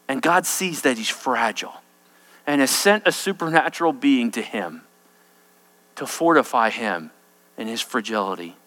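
A man's voice: a little high, lively intonation, unhurried, fairly bright tone, long reverb tail. A man preaching an expository sermon, emphatic and often checking in with his listeners.

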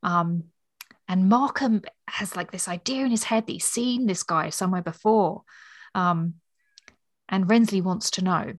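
A woman with a lowish voice co-hosts a casual book podcast. She chats easily and reads longer passages aloud with expression. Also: unhurried. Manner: reads aloud expressively, relaxed chat otherwise. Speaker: podcast co-host.

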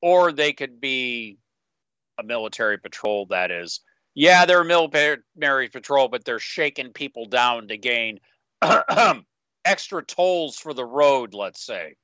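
A man co-hosting a casual podcast, rambling and slipping into quick in-character asides. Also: medium pitch, lively intonation, bright, forceful tone, clear, resonant tone, no room sound. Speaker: podcast co-host. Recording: dull, slightly lo-fi, dry sound.

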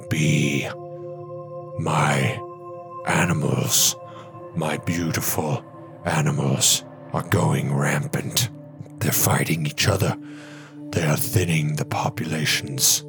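A man voicing a huge, ancient, sorrowful tree spirit in a low, slow, breathy whisper. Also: fairly even intonation, over music, full character voice.

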